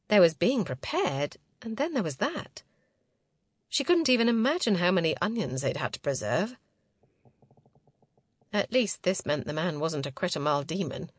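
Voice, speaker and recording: A woman narrating a science fiction novel in a steady, even storytelling manner. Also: mid-range voice, dry recording, clean studio sound. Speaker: audiobook narrator. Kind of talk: scripted narration.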